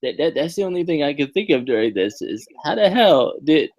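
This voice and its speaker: A man co-hosting a casual wrestling podcast, hesitant and full of fillers, turning loud and incredulous when excited. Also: on the high side, moderate pace. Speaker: podcast co-host. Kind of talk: casual wrestling review chat.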